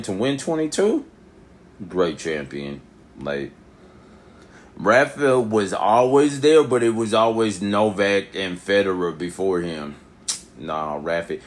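Young guy w a real deep voice just rambling his opinions, gets loud then goes quiet, bit of faint hiss. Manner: rambling, animated, rising to near shouts then dropping low. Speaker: vlogger. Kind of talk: casual opinion monologue.

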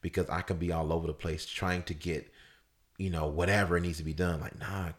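A man in casual conversation telling a personal story, loose and full of fillers, his voice leaping high when he acts out people shouting. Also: fairly quick. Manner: animated storyteller, voice jumps up high for quoted shouts. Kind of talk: casual chat.

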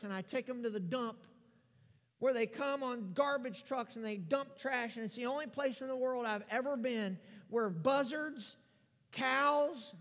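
Man, pastor, middle-aged, American, sermon storytelling, very high voice, big echoing church hall, loud-to-hushed delivery. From United States. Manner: animated storyteller, acts out dialogue, swings from loud to hushed. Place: church sanctuary. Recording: long reverb of a large church hall.

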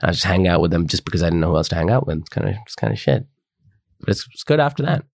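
A man in his twenties from India with an Indian accent, telling animated stories in a casual chat among friends and laughing often. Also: low-pitched, racing, creaky, no room sound, studio quality.

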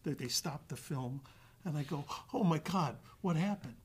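A man with a husky, slightly breathy voice, pitched a bit high, tells an animated story as an interview guest. He acts out the other people's lines and often stops and restarts mid-sentence. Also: moderate pace. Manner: acts out quoted dialogue with restarts. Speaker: actor guest.

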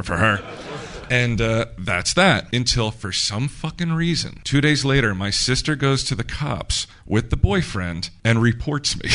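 Brief: man with a bright, forceful voice, swearing through blunt stories. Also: medium pitch. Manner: profane, blunt storyteller. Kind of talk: casual chat.

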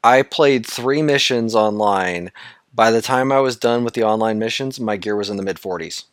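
A man's voice: on the low side, normal speed, no echo. Guy rambling on a gaming podcast, laughs a lot, dry close mic. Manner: rambling, laughs easily, restarts often. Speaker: podcast co-host. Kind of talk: casual podcast chat about a video game.

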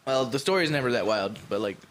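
A man's voice: medium pitch, animated, quick pace, fairly bright tone. A man telling a story in a casual chat, laid-back and profane, rambling with fillers.

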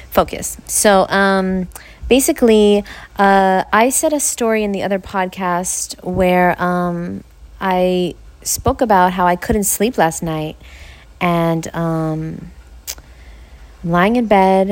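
A woman's voice: lowish voice, no echo. A woman hosting a podcast in a casual chat from home, tired and upbeat, laughing often. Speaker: podcast host. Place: home living room on a couch. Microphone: podcast mic.

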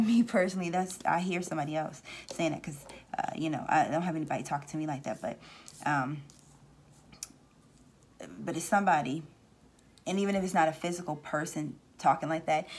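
Low-voiced woman giving a rambling spiritual talk. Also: a little mellow, husky. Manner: rambling, with restarts and quoted voices. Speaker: spiritual reader and channel host. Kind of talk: casual spiritual channeling talk.

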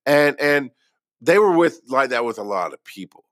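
A man's voice: medium pitch, animated, normal speed, a bit bright, dry recording, studio quality. A former paramedic telling his own story in a casual way, rambling and poking fun at himself, with lots of restarts. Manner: rambling and self-deprecating, with many restarts.

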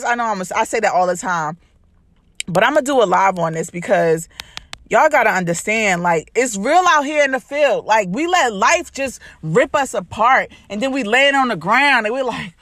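A woman's voice: on the high side, a bit bright, dry recording. A woman hosting a podcast as a life coach, giving an emphatic, repetitive motivational talk to her listeners. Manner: preachy, emphatic, repetitive, uses "baby".

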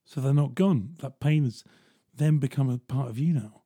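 A young man telling a personal story in a casual, animated way, swearing freely. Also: medium pitch, moderate pace, husky, dry recording, studio quality. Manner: animated, swearing, chuckling asides.

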